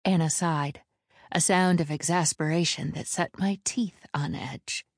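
A woman narrating a first-person audiobook at a measured, steady pace, voicing the characters herself. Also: deep voice, no room sound, studio quality.

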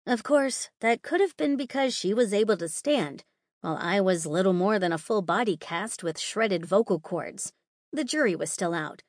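A woman's voice: mid-range voice, animated, normal speed, no echo. Dry, wry woman narrating. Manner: wry, sardonic storytelling. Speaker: audiobook narrator. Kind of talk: scripted first-person narration.

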